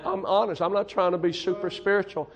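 A man's voice: high voice, brisk, muffled recording. A man preaching a testimony sermon as a missionary to a church congregation, folksy and emphatic, often repeating himself for stress. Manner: folksy, emphatic, repeats "I'm telling you".

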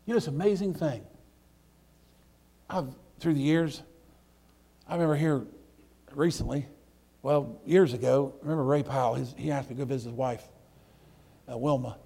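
Gravelly preacher, loud then hushed. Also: male voice, mid-range voice, moderate pace, long pauses. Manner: folksy, swings from loud outbursts to hushed near-whispers. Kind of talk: storytelling sermon.

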